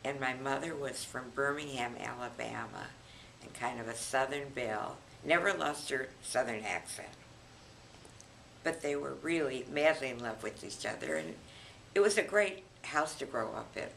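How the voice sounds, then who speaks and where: An elderly woman in her eighties, recounting family memories in an unhurried, reminiscing way as a grandmother being interviewed. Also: very deep voice, vocal fry, fairly bright tone, a little hiss or hum, poor audio. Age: 80s. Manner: reminiscing, unhurried, chuckles often.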